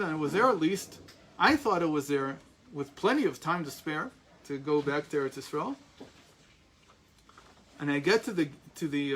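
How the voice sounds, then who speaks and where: A man from America in his forties teaches a class in a rambling, anecdotal way. He restarts sentences often and drops asides. His voice sits a little high, with a faint hum of background noise. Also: low-quality recording. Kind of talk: storytelling lecture.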